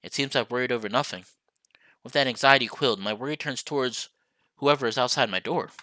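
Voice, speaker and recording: A man's voice: medium pitch, brisk, sharp tone. A young man streaming a visual novel, reading it aloud and chatting to viewers in a playful, apologetic way.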